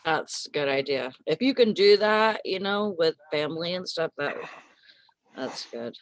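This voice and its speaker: A woman's voice: low-pitched, animated, unhurried, dry recording. A woman on a chat panel, talking in an easygoing, agreeable way. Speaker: panel guest. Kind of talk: casual chat.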